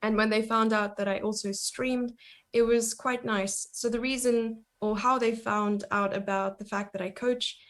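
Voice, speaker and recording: A woman from Africa, a chess coach chatting as a guest in a casual interview, upbeat and quick to laugh. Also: a little high, fairly even intonation. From South Africa.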